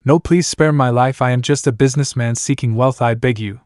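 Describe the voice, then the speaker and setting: A man's voice: brisk, a little mellow, no echo, clean studio sound, close to an everyday voice. A man voicing a greedy male tycoon who begs for his life in a pleading voice. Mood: begging. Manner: pleading, rising in pitch.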